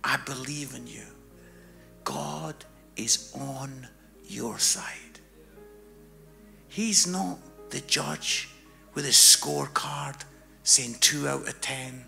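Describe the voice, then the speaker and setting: A man preaching a sermon, telling a story and swinging from hushed tones to loud, fervent passages. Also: medium pitch, drawn-out words, vocal fry, long pauses, soft background music.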